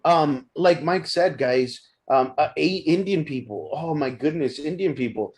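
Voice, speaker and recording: A man in his thirties of Mexican-American background, telling stories in a casual podcast chat, animated and stumbling over his words. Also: fairly high pitch, a little slow. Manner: animated storyteller, frequent restarts and stumbles.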